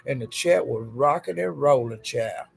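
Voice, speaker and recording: A man telling gossip in a casual vlog, with a sassy and profane manner, calling his listeners honey and child and jumping up in pitch for emphasis. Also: moderate pace, gravelly, slightly rough. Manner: animated, jumps up in pitch for emphasis. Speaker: gossip vlogger.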